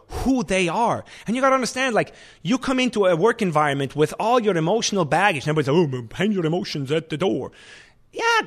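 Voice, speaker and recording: A man, a restaurant chef and owner, talking in an animated, emphatic way in a casual interview. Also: sits high.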